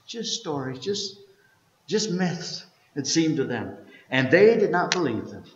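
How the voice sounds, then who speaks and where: A man preaching an Easter sermon as pastor, telling the story and reading scripture aloud, swinging from loud to hushed. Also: on the high side, very animated, unhurried, roomy sound, in a large hall, highs cut off. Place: church sanctuary.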